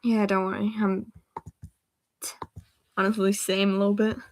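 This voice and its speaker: A British-accented speaker with a woman's voice chats loosely with viewers on a livestream. She rambles, trails off and breaks into giggles as she drifts between thoughts, at an ordinary middle pitch. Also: little pitch movement, moderate pace. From Britain. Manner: rambling, giggly, easily sidetracked. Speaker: livestream host. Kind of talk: casual livestream chat.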